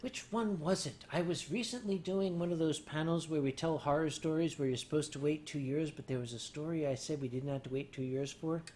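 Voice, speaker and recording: An older man hosting a livestream, rambling through stories to his chat while drinking, mocking himself and turning loud on the punchlines. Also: on the high side, brisk, hardly any pauses, a little hiss or hum. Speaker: livestream host. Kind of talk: casual storytelling to a chat.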